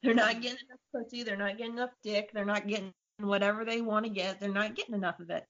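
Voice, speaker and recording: A woman co-hosting a podcast, casually chatting and telling animated stories with frequent swearing. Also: medium pitch, fast talker. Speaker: podcast co-host. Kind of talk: casual chat. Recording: dull lo-fi audio.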